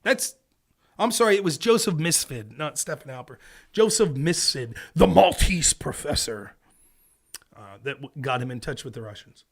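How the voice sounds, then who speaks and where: A man ranting on his home live stream, his voice sitting high and swinging widely as he works himself up. He swears freely, keeps tossing in "right?", and tells the story as an off-the-cuff monologue. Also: normal speed. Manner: animated and profane, keeps asking "right?". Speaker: live-stream political commentator. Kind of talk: casual ranting commentary.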